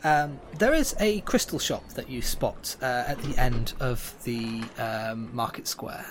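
A man narrating as game master of a tabletop game, halting with lots of ums and sort ofs. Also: mid-range voice, noisy background.

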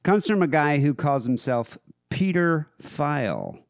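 A man co-hosting a casual podcast reads listener emails aloud with a lively, shifting delivery. His voice is a little high and a little slow, captured in a dry, clean studio recording.

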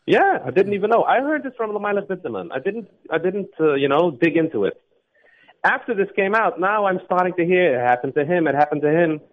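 A man's voice: high voice, expressive, fairly quick, narrow, tinny audio. A man who is a guest singer on a radio interview, telling a story with animation and acting out the quotes. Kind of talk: casual radio interview chat.

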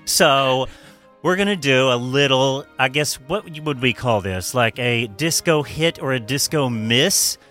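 A man's voice: medium pitch, a little slow, pushed and bright, soft background music. A man co-hosting a podcast, joking playfully and laughing often. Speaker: podcast co-host. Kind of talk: joking casual chat.

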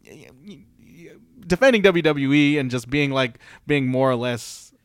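A man co-hosting a casual podcast chat, rambling and halting, with many restarts. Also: medium pitch, animated, clean tone, no room sound. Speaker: podcast co-host.

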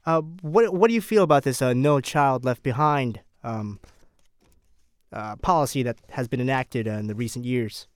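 A man's voice: mid-range voice, moderate pace, smooth, no room sound, studio quality, lightly acted. A man playing a laid-back, casual co-host on a parody political podcast. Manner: casual, easygoing.

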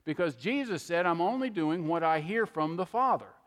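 A man's voice: a little high, lively intonation, normal speed, a bit bright. A middle-aged man preaching a conversational sermon, often checking in with an "okay?". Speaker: pastor. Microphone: handheld microphone. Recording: long hall reverb.

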